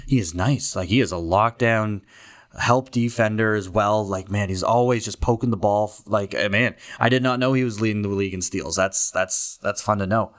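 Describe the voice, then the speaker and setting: A man's voice: lowish voice, moderate pace. A young man co-hosting a podcast, chatting loosely about basketball with lots of fillers and laughs. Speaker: podcast co-host. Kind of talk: casual sports chat.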